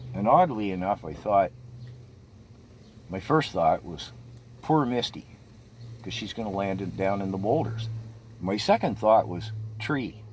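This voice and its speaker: An older man retelling a frightening memory in a tense, halting way, stumbling and restarting as he speaks. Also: lowish voice, a little mellow, a little hiss or hum. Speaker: storyteller. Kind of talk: personal storytelling.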